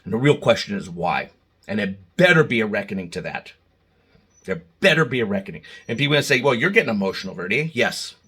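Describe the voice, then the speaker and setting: A man delivers a heated, emotional monologue to his viewers, stumbling over restarts and jumping into loud outbursts. His voice is bright and forceful, with a husky edge to it. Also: on the low side, very animated, a little fast. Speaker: channel host. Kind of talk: opinion monologue to camera.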